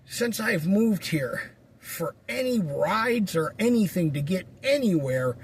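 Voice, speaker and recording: A man's voice: high-pitched, big pitch swings, slow, slight background noise. A man telling a rambling story in a casual, profane monologue. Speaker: vlogger.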